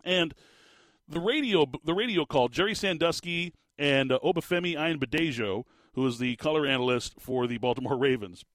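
A man hosting a casual sports talk show, rambling and animated with lots of restarts. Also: fairly high pitch, moderate pace, dry recording. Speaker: sports podcast host.

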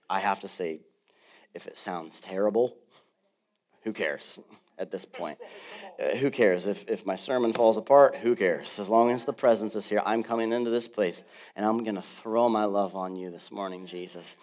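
A man in his thirties, a pastor delivering a sermon in a church, moving from quiet storytelling to loud, fervent preaching. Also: low voice, normal speed. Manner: builds from soft storytelling to loud passionate preaching. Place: church sanctuary.

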